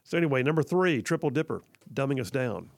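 A man's voice: medium pitch, lively intonation, fast talker, dry recording. A man hosting conservative talk radio from a studio, upbeat and jokey, rambling with fillers. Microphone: studio mic.

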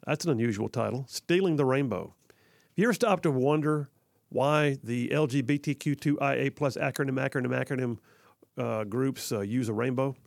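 Gravelly upbeat radio host. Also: male voice, medium pitch, a little fast, a little mellow, no echo, studio quality. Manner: upbeat, jokey, rambling with fillers. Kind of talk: conservative talk radio. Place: radio studio. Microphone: studio mic.

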